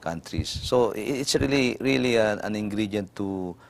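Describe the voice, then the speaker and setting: A man's voice: on the low side, gravelly, a little hiss or hum. A Filipino man, an older education official, answering interview questions formally with many fillers and a habit of ending points with "no?". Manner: halting, many fillers and tag "no?".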